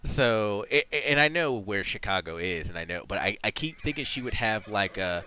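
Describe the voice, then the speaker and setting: A man's voice: fairly low pitch, lively intonation, moderate pace, pushed and bright, clean tone. A man casually reading and commenting on a role-playing game, rambling with lots of fillers and restarts. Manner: rambling, many fillers and self-corrections. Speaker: let's play streamer.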